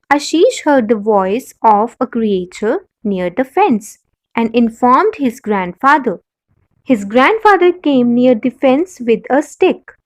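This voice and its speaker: A woman teacher with an Indian English accent reads a story passage to young pupils, explains words and spells them out letter by letter. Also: a little high. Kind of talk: classroom lesson, reading a passage and spelling words.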